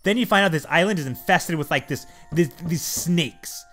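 A young man ranting and swearing through his gameplay commentary, breaking into sudden loud outbursts at the characters on screen. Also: on the high side, normal speed, soft background music. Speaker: let's play gamer.

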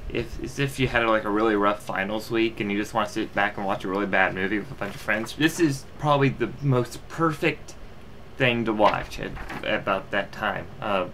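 Bright-voiced young man rambling a review. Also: on the low side, moderate pace, slight background noise. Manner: rambling, full of fillers and restarts. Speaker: amateur movie reviewer. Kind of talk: casual movie review.

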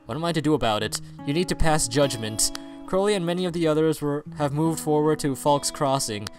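A man's voice: on the high side, a little fast, a little mellow, soft background music, close to an everyday voice. A man voicing a grim soldier reporting trouble to his lord, reading the dialogue plainly. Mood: grave. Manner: plain, matter-of-fact reading of on-screen dialogue.

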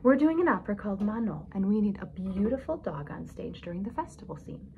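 An excited woman who plays piano, sharing big news with her dog, as a storybook reader puts her on. She speaks warmly and eagerly. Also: mid-range voice, a little fast, vocal fry, narrow, tinny audio, slight background noise.

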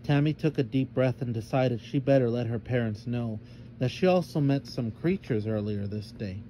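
A man's voice: medium pitch, moderate pace, dark tone, slight background noise, poor audio. A man narrating a children's storybook aloud, voicing each character expressively.

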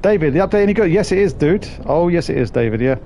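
A man's voice: a little high, lively intonation, fast talker, dark tone, a little hiss or hum. A man streaming a bus simulator, swearing and joking with his chat as he plays. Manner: sweary, jokey banter with chat. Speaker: gaming streamer. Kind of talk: live gameplay commentary.

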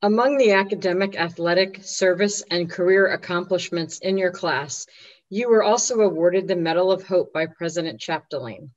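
A woman addresses graduates in a formal ceremony speech, earnest and measured. Her voice sits a little low. The audio sounds dull and muffled.

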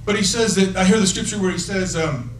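Brisk and pitched high, this male evangelist delivers prophetic words to individuals in a church conference hall. He's emphatic yet playful, keeps saying "listen," and laughs between points, all captured by a distant mic in an echoey room.

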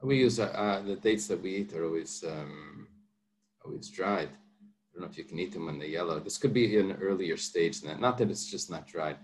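A man's voice: low voice, normal speed. A man teaching a daily Talmud class, reading Aramaic and translating it line by line with patient explanations and light joking asides. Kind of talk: daf yomi Talmud class.

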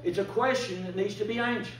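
With crowd noise in the air, an older visiting preacher's voice sits high, fast and fairly even in intonation. He preaches a fervent revival sermon in a church sanctuary, bursting out emphatically while the congregation calls back. A distant room mic records the echoey space from far off.

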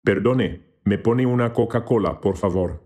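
A man giving a scripted language lesson who slowly and carefully demonstrates how to pronounce each word. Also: on the low side, darkish tone. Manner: slow, careful demonstration of pronunciation. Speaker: language teacher.

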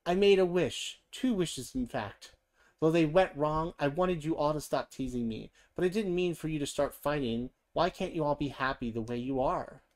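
Storybook figure: reader doing a squeaky, high little warthog boy, earnest and pleading. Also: normal speed, darkish tone, lightly acted. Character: tiny timid young male warthog. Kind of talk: storybook read-aloud.

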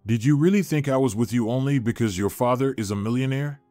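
A man's voice: mid-range voice, fast talker, warm tone, no echo, faint music behind, close to an everyday voice. A man voicing a devoted, determined young wife. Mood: tender. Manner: indignant then tender.

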